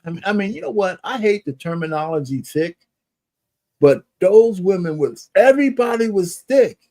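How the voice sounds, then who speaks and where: High, mellow-voiced man chatting. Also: lively intonation, normal speed. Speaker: podcast co-host. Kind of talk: casual barbershop chat.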